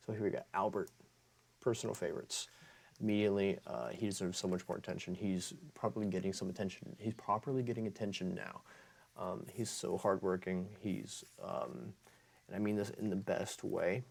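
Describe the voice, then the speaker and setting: Casual male ASMR creator: low, raspy, fry-heavy voice, loose rambling delivery with lots of self-corrections. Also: a little mellow. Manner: rambling, often corrects himself mid-list. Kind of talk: casual talk to camera.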